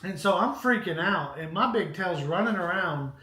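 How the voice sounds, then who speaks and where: A man with a notably high voice tells a long, rambling story on a casual live stream. He talks animatedly and keeps turning to address his viewers. The sound carries the echo of a hard-walled room. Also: expressive, normal speed, bright, forceful tone. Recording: echoey room.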